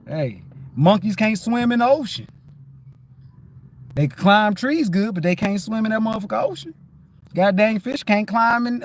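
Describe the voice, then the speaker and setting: A man on a livestream talking in a casual spiritual monologue, profane and animated, often checking that listeners follow. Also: high voice, a little hiss or hum. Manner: animated, profane, keeps asking "you know what I'm saying".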